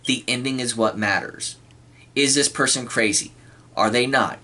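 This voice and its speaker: A man giving a casual spoken film review, clearing his throat often and acting out quoted lines. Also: mid-range voice, normal speed, pushed and bright. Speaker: movie reviewer.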